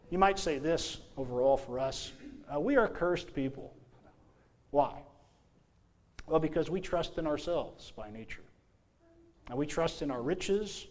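A man preaching a sermon as pastor, asking rhetorical questions and reading scripture slowly, with emphatic swings in loudness. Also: fairly high pitch.

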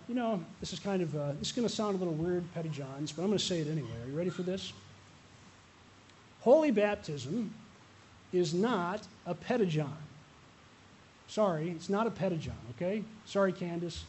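Male pastor preaching, earnest, keeps repeating a refrain, fairly high voice. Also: darkish tone, a little hiss or hum. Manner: earnest, repeating a refrain, light asides to the congregation. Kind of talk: sermon. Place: church.

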